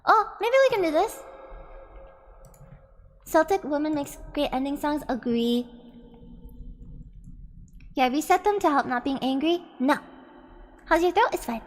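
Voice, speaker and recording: Between karaoke songs, a woman streamer with a high voice and a long reverb tail chats playfully with viewers over a backing track. She reads the chat aloud and makes playful complaints.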